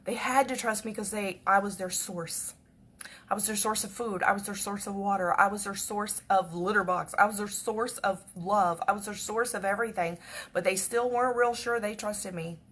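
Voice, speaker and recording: A woman telling a personal story in a chatty, repetitive way that often drops to a hush. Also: mid-range voice, fairly even intonation, moderate pace, breathy edge. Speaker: devotional speaker.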